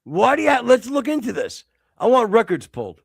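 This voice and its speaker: A man's voice: very high voice, wildly swooping pitch, a little fast, gravelly, breathy edge, dry recording, studio quality. A man in his fifties co-hosting a podcast, teasing his partner with crude, profane, mock-insulting banter. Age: 50s. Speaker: podcast co-host. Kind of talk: casual chat.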